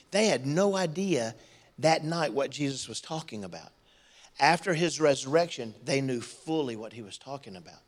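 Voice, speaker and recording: A middle-aged male pastor preaching a sermon in a church, swinging between loud outbursts and quiet, emotional asides. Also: a little high, lively intonation, moderate pace.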